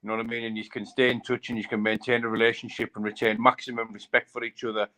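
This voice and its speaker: Animated fighter with a bright voice. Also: male voice, mid-range voice, fast. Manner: rambling, repeats phrases, says "mate". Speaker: bare-knuckle fighter. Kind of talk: casual live chat.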